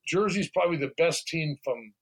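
An older man talks as a podcast guest in a slightly high voice. He restarts and repeats words as he recalls old road-trip stories, laughing along the way. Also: expressive, moderate pace, husky, poor audio. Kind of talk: casual interview chat.

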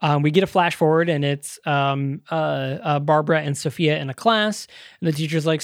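A man's voice: fairly high pitch, a little fast, dry recording, clean studio sound. A man co-hosting a podcast, retelling a movie in casual chat, emotional and rambling with many fillers. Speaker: podcast co-host.

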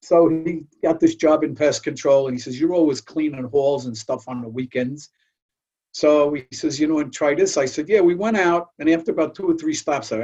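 A man's voice: a little high, fairly quick, warm tone, slightly rough. An older man hosting a talk, telling folksy anecdotes and often repeating words as he goes. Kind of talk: storytelling chat. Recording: dull lo-fi audio.

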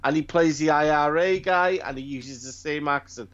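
A man's voice: fairly high pitch, moderate pace, fairly bright tone, dull audio. A man in casual chat, sweary and enthusiastic, often restarting his words.

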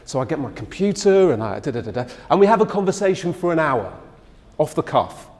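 A man's voice: on the high side, big pitch swings, brisk, a little mellow, big-room sound. A man giving a public lecture in a conversational, storytelling way, acting out the people he quotes.

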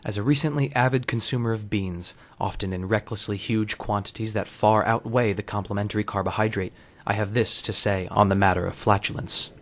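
Brief: male host, lowish voice, dry wordy scripted narration. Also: fairly quick, hardly any pauses. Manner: wry, wordy, deadpan. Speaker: podcast host.

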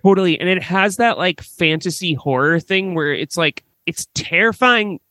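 A woman's voice: on the low side, moderate pace, a bit bright, dry recording. A woman guest on a podcast, chatting casually and rambling with lots of "like" and restarts, laughing often. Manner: laughs often while talking. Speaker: guest filmmaker.

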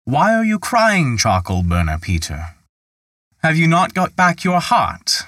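A man voicing a small, kindly male forest spirit made of glass, speaking in a gentle, chiding way. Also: a little high, wildly swooping pitch, measured pace, dry recording, clean studio sound, pitched above the performer's own voice, exaggerated voice.

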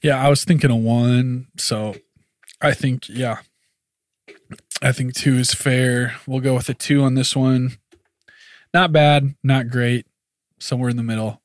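A man's voice: mid-range voice, measured pace, long pauses, no room sound, studio quality. Easygoing man running podcast segments. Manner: relaxed, agreeable, runs the show's segments. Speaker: podcast co-host. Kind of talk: casual chat reviewing a TV episode.

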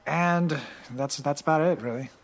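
A man's voice: fairly high pitch, moderate pace. A young man from Venezuela co-hosting a comedy podcast, bantering in crude, joking casual chat. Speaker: podcast co-host.

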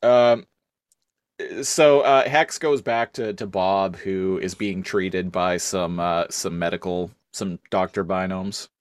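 A man with a fairly low voice co-hosts a relaxed conversation. He hesitates often, restarts his sentences and laughs between thoughts. The recording is close and dry, with no room sound. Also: no room sound. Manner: halting, many fillers and restarts, laughs often. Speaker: podcast co-host. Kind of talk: casual chat.

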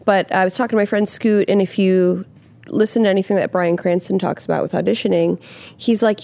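A young woman who acts, chatting casually and animatedly, swearing freely and acting out what people say in lively voices. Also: medium pitch, a little fast, creaky. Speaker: actress, podcast guest. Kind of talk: casual chat.

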